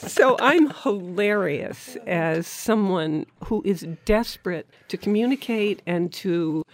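A woman hosting a radio talk show in a studio, chatty and quick to laugh. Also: mid-range voice, expressive, a little hiss or hum. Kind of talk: studio interview.

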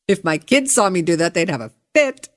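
A woman hosting a podcast, telling a travel story in a chatty, candid way with bursts of excitement. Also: on the low side. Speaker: podcast host. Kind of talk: casual storytelling monologue.

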